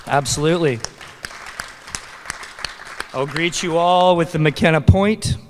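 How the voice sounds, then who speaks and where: A man with a Canadian accent and a clean, mid-range voice emcees a live awards ceremony from the stage of a large convention hall. He's upbeat and joking while reading out the nominees, and the recording carries long hall reverb.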